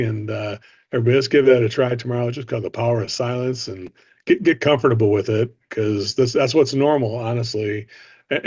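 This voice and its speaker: A man's voice: mid-range voice, a little mellow, breathy edge, no echo. Lo-fi dry male sales coach. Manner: coaching, asks others for their views. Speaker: host and sales trainer. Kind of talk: casual group discussion.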